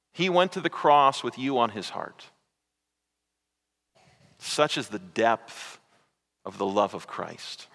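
A man preaching a sermon as pastor, swinging from loud, stretched phrases to hushed asides. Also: fairly high pitch. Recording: reverberant hall.

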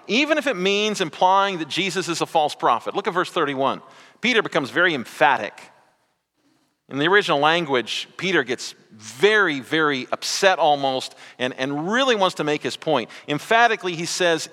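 Animated preacher in an echoing hall. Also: male voice, a little high, normal speed. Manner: preaching with dramatic swings from loud to hushed, stretched words. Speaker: pastor. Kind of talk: sermon. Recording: reverberant hall.

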